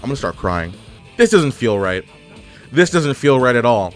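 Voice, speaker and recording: A man's voice: medium pitch, big pitch swings, normal speed, faint music behind. A man giving casual gameplay commentary, exclaiming and throwing out playful trash talk. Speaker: gaming YouTuber.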